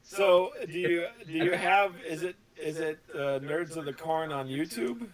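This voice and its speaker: A man's voice: fairly high pitch, measured pace, a crowd in the background, rough recording. A man hosting a podcast, teasing his guests with wisecracks in casual chat. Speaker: podcast host.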